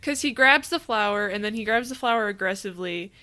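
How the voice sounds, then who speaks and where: A woman's voice: medium pitch, animated, fast, pushed and bright. A young woman co-hosting a podcast, chatting casually and laughing often. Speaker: podcast co-host. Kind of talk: casual chat.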